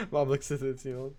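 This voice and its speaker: A man's voice: mid-range voice, darkish tone, breathy edge. A man hosting a casual live stream, chatting, laughing often and thanking donors as he comments on matches. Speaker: streamer and host.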